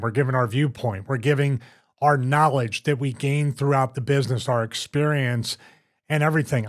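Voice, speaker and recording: A man with a Philadelphia accent, an older former wrestler hosting a podcast, talking in an emphatic, animated way. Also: mid-range voice. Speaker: show host, former wrestler. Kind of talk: casual podcast chat.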